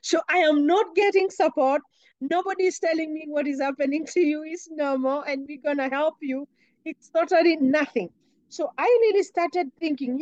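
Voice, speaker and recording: A woman's voice: sits high, normal speed, a little mellow, no room sound, dull audio. A young woman earnestly recounting a painful personal memory in an interview. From Kenya. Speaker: interview guest. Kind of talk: personal storytelling.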